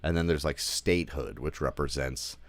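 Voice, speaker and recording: A man's voice: extremely low pitch, normal speed, no room sound. A man giving a casual spoken film review, rambling with lots of fillers like "like" and "you know", and swearing now and then.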